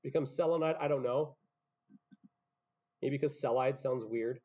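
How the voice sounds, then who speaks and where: A man's voice: medium pitch, normal speed, warm tone. Muffled chemistry teacher, man lecturing. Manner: explains step by step, self-interrupting asides. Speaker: high school chemistry teacher. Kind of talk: classroom lecture.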